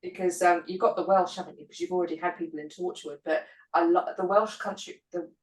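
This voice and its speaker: A woman's voice: fairly low pitch, steady tone, brisk. A British woman, a podcast guest, chatting enthusiastically in a casual conversation. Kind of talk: casual chat. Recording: echoey room.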